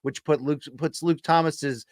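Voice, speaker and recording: Male podcast host, upbeat, jokey questions, slightly high voice, dry sound. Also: fairly even intonation, measured pace, no echo. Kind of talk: casual interview chat.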